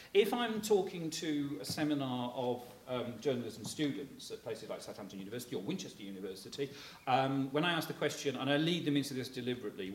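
A middle-aged man spins a meandering anecdote for a room full of listeners, his voice rising and dipping a lot as he chuckles along. The talk echoes around a hard room, with a faint hiss underneath. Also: medium pitch. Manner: rambling and chatty, full of fillers like "you know, kind of thing"; chuckles while telling stories. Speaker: speaker addressing a local audience. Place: room with a live audience.

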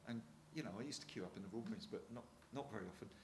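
A retired Royal Marine in his sixties, with a Hampshire English accent, tells chatty anecdotes to an audience, often restarting and chuckling. His voice is lowish and darkish, and he speaks rapid-fire. The room sound is noticeable, with slight background noise.

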